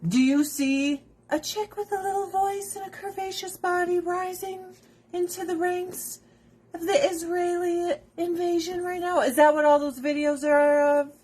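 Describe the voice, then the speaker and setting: A woman's voice: very high-pitched, fairly even intonation, measured pace, a little mellow. A woman hosting a casual livestream from home, ranting bluntly with plenty of profanity. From United States. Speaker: livestream host. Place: at home with pets.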